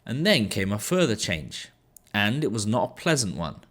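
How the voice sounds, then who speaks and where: Man reading a children's story aloud, low voice, lively swings, slow pace. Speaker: English teacher.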